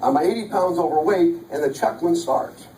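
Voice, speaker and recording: Speaking at a normal pace in a voice on the high side with a warm tone, a motivational speaker recounts his life story to an audience and hammers home key lines. The recording comes from a distant mic in an echoey event hall, with slight background noise.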